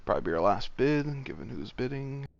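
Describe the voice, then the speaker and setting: A man's voice: mid-range voice, big pitch swings, brisk, vocal fry. A man leading an online game raid over voice chat, calling out loot bids and directions in a matter-of-fact way. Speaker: raid leader running loot auction. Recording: dull lo-fi voice chat audio.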